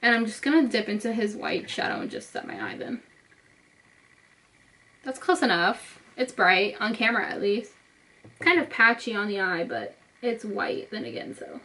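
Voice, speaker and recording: Speaking at normal speed in a medium-pitched voice that sounds pushed and bright, a young beauty vlogger casually guides her viewers through each step of her makeup. The recording is rough.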